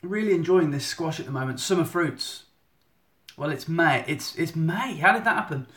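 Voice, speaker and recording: A man's voice: on the high side, expressive, normal speed, a bit bright. Chatty man streaming from a phone. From England. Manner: chatty, rambling, self-interrupting. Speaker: photographer giving a monthly live update. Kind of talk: casual live-stream chat. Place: indoor room at home. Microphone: phone at arm's length. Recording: echoey room on phone.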